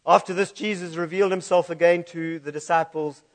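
Male preacher, church sermon, animated, reads scripture, fairly high-pitched. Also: brisk. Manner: animated, laughing at his own slip-ups.

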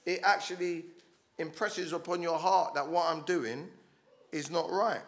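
A man delivers a sermon in a fairly high voice. He speaks with passion, stumbling over restarts, and builds to loud calls for his listeners to stand up. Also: steady tone, a little slow. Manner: passionate, rising to loud exhortation with frequent restarts. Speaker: preacher.

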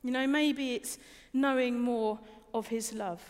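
A woman's voice: fairly high pitch, fairly even intonation, measured pace. A young adult woman giving a conversational sermon, informal and personal, often repeating words and asking the listeners questions. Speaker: preacher. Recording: reverberant hall.

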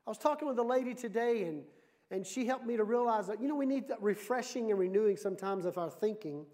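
A man preaching a sermon as pastor, lively and full of questions put to the congregation. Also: high voice, fast. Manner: lively, asks the audience questions.

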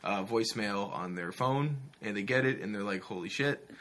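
A man's voice: lowish voice, moderate pace, a bit bright. A man co-hosting a podcast, reviewing a movie in casual, rambling chat and talking over his co-host.

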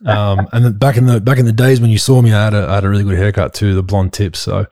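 A man's voice: on the low side, fairly even intonation, fast talker, mellow, no echo, clean studio sound. A man with an Australian accent hosting a casual podcast, blunt and laid-back, swearing freely. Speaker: podcast host.

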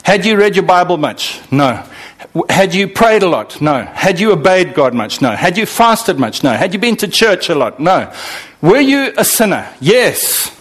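An animated preacher with a high voice that leaps up and down as he delivers a sermon. He quizzes his congregation and acts out the voices of anxious believers. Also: normal speed. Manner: asks the congregation questions and answers them. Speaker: pastor.

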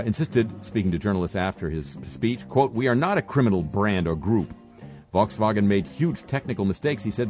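An older man with a very low voice hosts a radio show, reading news items with a dry, sardonic edge. He halts often with fillers and restarts. Faint music sits behind him. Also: darkish tone. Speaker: radio host. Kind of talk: satirical radio commentary.

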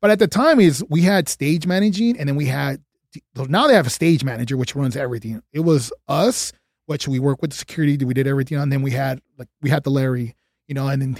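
A man's voice: medium pitch, fast talker, no echo, clean studio sound. Man telling a rowdy backstage story. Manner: animated, acts out quoted dialogue, swears freely. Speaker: guest, former stage manager. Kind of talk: casual storytelling.

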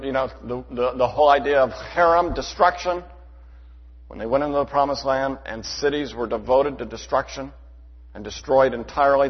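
Preacher guy, kinda high and husky, loud then quiet, sounds dull and echoey like a big church. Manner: emphatic, rhetorical questions, swings between loud and hushed. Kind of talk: sermon. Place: church sanctuary. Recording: dull hall reverb.

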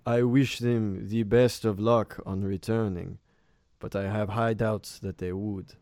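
A man's voice: fairly low pitch, fairly even intonation, measured pace, darkish tone, no room sound. Man playing an elderly half-elf village elder. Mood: wary.

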